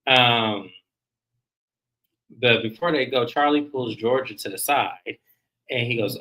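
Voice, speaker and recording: A man casually recapping a reality TV episode, animated and profane, acting out the cast's lines. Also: mid-range voice, measured pace, rough recording. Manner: animated, profane, laughs, acts out cast lines. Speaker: podcast co-host.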